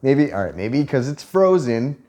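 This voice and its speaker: Joking, laughing man, lively pitch. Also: moderate pace. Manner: profane, joking, laughs often. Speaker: vlogger. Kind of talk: casual storytelling chat.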